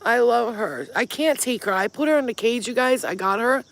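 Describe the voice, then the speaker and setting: A woman's voice: fairly high pitch, moderate pace, gravelly, rough recording. A woman who is a spiritual healer, chatting casually and emphatically to her viewers while outdoors in a yard, swearing freely. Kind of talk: casual chat to camera.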